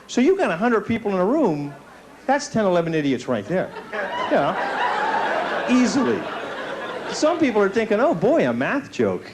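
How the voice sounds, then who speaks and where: A man doing stand-up comedy tells self-mocking stories and slips into put-on voices. His voice sits high with wildly swooping pitch, moving at normal speed with frequent pauses. Audience laughter fills the background, and faint hiss from an old VHS tape runs underneath.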